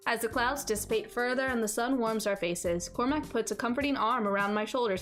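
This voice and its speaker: A woman streamer reading a visual novel aloud and riffing on it, animated and playful, repeating phrases for laughs. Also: on the high side, a little fast, few pauses, soft background music. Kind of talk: let's-play commentary and visual novel narration.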